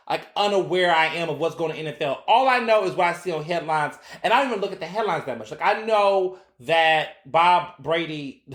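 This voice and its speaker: Guy ranting on his podcast, kinda high voice, swears a lot, echoey room. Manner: animated, profane, acts out quoted voices. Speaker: podcast host. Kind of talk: casual solo commentary. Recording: roomy echo.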